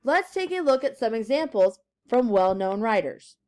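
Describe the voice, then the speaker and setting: A woman teacher giving a classroom grammar lesson, slowly stressing key words and reading example sentences aloud. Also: a little high, sing-song, darkish tone.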